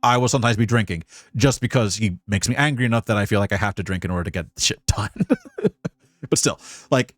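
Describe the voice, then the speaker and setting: A man streaming as a VTuber, giving casual commentary in a rambling, profane, emotionally animated way. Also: lowish voice, a little fast.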